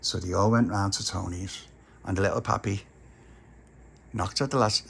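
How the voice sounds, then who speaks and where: A man's voice: lowish voice, fairly even intonation, moderate pace, creaky, slight background noise. A man narrating a homely children's story in a chatty way.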